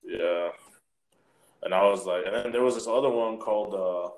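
Low male podcast co-host, foul-mouthed storyteller, roomy sound. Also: moderate pace. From Utah. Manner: animated storyteller, swears constantly, acts out quotes. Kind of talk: casual profane chat.

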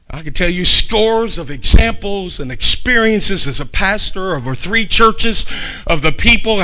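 Older pastor guy preaching hard, high bright voice, goes from quiet to yelling. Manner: fiery, swings from hushed to shouting. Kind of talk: sermon.

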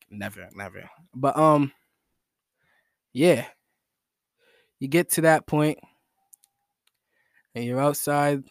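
A man's voice: mid-range voice, no echo, studio quality. A young man hosting a solo podcast in a rambling, slangy, self-mocking, joking way. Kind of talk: casual joking monologue.

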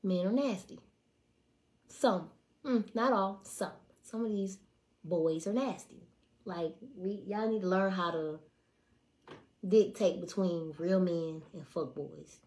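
A woman in her twenties telling stories on a casual livestream, blunt and profane. She swings between hushed asides and loud, animated outbursts. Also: on the low side, slow, long pauses. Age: 20s. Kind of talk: casual storytelling to a live audience.

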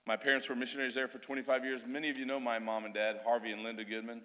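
A man's voice: mid-range voice, little pitch movement, racing, a bit bright. A man, a missionary who grew up in Australia, speaking at a church service in a folksy, joking way. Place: church sanctuary. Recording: reverberant church hall.

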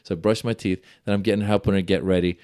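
A man's voice: sits low, fast, clear, resonant tone. Middle-aged male comic, easygoing chat, acts out the people in his stories. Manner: animated storyteller, acts out quoted voices. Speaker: podcast guest, comedian. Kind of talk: casual chat.

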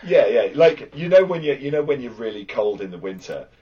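A man's voice: medium pitch, sing-song, fairly quick, breathy edge. A man co-hosting a casual gaming podcast, swearing freely and laughing a lot. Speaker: podcast co-host. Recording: dull lo-fi sound.

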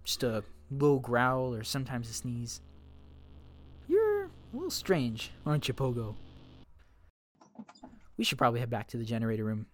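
A man's voice: mid-range voice, steady tone, brisk, pauses often, slight background noise. A man narrating a scripted survival story in character, playful and chatty as he talks to his dog and reads out fun facts.

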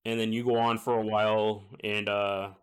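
A man narrating as game master in a tabletop game. His voice sits somewhat low. He talks casually and pauses often on fillers. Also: level tone, clear, resonant tone.

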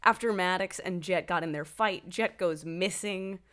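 A woman's voice: fairly low pitch, moderate pace, fairly bright tone. A woman co-hosting a podcast, summarizing episodes in casual chat and laughing often. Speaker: podcast co-host.

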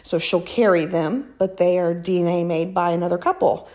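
A woman's voice: fairly low pitch, moderate pace, mellow. A woman speaking as an interview guest, emphatic and faith-filled, slightly out of breath. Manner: emphatic, faith-filled, acts out quoted voices. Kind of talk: casual conversational interview.

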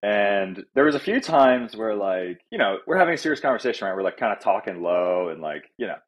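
A man's voice: lowish voice, big pitch swings, a little fast, dull audio. A man telling travel stories in casual podcast chat, rambling with many "like"s and frequent laughs. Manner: rambling, fillers of "like", laughs often. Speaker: guest.

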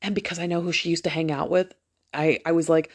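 A woman's voice: fairly low pitch, fairly even intonation, quick pace, darkish tone. A nurse of about forty tells her story in a chatty, unfiltered way, swearing freely as she goes. She has just come out of anesthesia after a procedure, and her delivery stays loose and conversational. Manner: candid, profane, chatty. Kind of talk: casual storytelling to camera.

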